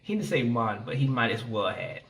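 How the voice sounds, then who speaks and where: A man comically recapping a scene with deadpan delivery and crude asides. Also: mid-range voice, moderate pace, creaky, recorded from a distance. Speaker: comedian presenting a recorded clip.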